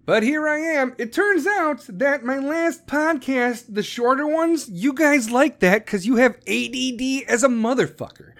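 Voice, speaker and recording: A man with a notably high-pitched voice hosts his own podcast, talking straight to his listeners. He rants in a brash, swaggering way and swears freely. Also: a little slow, hardly any pauses, a bit bright. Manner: brash, profane, ranting. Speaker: podcast host. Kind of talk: casual solo podcast monologue.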